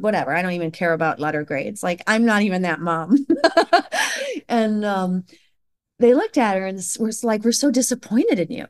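A woman in her forties, a podcast guest, telling a personal story in an earnest, emphatic way and acting out the lines of others. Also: mid-range voice. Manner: earnest and emphatic, with quoted dialogue. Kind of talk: conversational storytelling.

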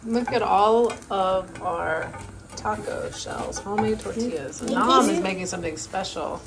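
A woman's voice: mid-range voice, normal speed, gravelly, poor audio. A woman in her thirties vlogging with her family, chatting to the camera and encouraging her children, outdoors on a trail and then in a kitchen. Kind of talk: casual vlog narration and chat with kids. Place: outdoors on a jungle path, then a home kitchen. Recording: handheld vlog audio with noticeable background noise.

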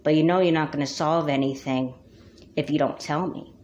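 A woman's voice: deep voice, steady tone, moderate pace, a little mellow, dull audio, slight background noise, lightly acted. A woman voicing a caring, worried mother of two girls in a doll movie, firm and concerned. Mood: patient.

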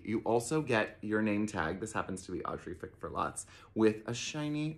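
A man's voice: on the low side, animated, fairly quick, hardly any pauses, a bit bright, a little hiss or hum. A man directing a theater camp, gushing and theatrical as he unboxes a gift box in a promotional video.

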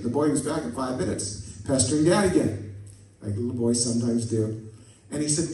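A man's voice: mid-range voice, brisk, hardly any pauses, mellow. A man preaching a sermon as a pastor, folksy, telling jokes and stories and asking the congregation for amens. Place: church sanctuary. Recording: echoey church from a distant mic.

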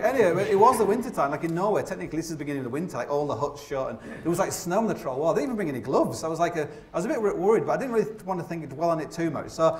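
A man's voice: on the high side, lively intonation, racing, hardly any pauses, crowd noise. A man in his forties, a mountaineer giving a live storytelling talk on a theatre stage. He rambles and mocks himself, leaning on fillers and restarts. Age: 40s. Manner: rambling, self-deprecating, heavy with fillers. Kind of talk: live comic storytelling to an audience. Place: opera house stage. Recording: echoey theatre.

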